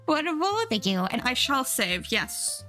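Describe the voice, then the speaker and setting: A bubbly young woman streams live, her voice high and bright, chatting along while she draws. She giggles easily and keeps up a stream of cheerful chatter with her viewers. Soft music plays faintly underneath. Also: very animated, takes it slowly. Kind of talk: casual live-stream chat while drawing.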